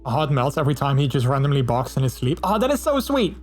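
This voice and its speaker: A man's voice: mid-range voice, big pitch swings, quick pace, faint music behind. A man streaming casually, reading out viewer messages and chatting in a friendly way, with many fillers and restarts.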